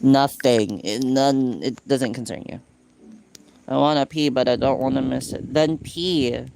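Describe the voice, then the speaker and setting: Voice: medium pitch, unhurried, gravelly, darkish tone. A streamer chatting casually and playfully while drawing live, often breaking off mid-sentence, over faint background noise. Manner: rambling, playful, self-interrupting.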